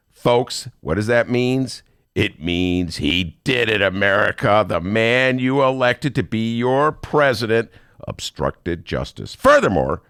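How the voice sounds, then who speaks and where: A man's voice: low voice, dry recording, studio quality. A man hosting a talk show, riffing sarcastically on the news and reading quotes aloud. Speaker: host. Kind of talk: comedic political monologue.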